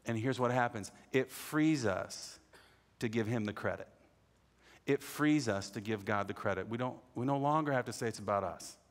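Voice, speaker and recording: A man's voice: lowish voice, a little fast. Earnest middle-aged male preacher in a big hall. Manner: earnest, with repeated emphatic refrains. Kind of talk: sermon. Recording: long reverb in a large hall.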